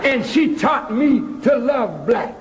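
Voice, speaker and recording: A man giving an emphatic speech to an audience, slow and rising to shouts. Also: very high-pitched, big pitch swings, a crowd in the background, noisy background. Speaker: speaker at a public address. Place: large hall with an audience. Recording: archival speech in a large hall with an audience.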